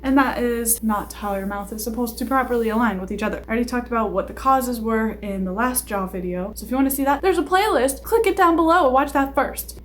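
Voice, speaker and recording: A young woman with a slightly high voice rants casually to her camera. She rambles and jokes at her own expense, breaking off for asides and sighs as she goes. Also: slight background noise. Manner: chatty, self-deprecating, rambling with asides and sighs. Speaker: vlogger.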